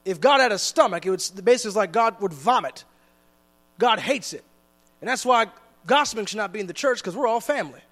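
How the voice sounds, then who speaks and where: A man preaching a sermon in a church, chatty and joking, with slowed, weighty stress on the scripture he reads. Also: sits high, expressive, fairly bright tone, long reverb tail.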